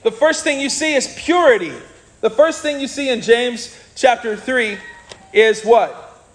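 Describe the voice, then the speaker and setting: A man preaching a sermon in an animated way, with joking asides and acted-out quotes. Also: very high-pitched, measured pace, rough recording. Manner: animated, jokey asides, acts out quoted people.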